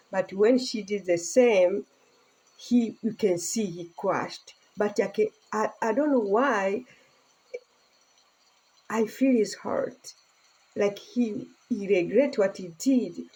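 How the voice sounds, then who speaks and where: A woman's voice: medium pitch, a little mellow, rough recording. A woman vlogger in a casual chat, talking in rambling, emotional broken English and laughing often.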